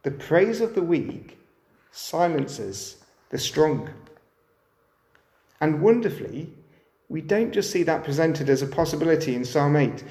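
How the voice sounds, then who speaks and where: Man, sermon, fairly high voice, echoey room, rhetorical questions. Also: very animated, unhurried, pauses often, darkish tone. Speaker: preacher.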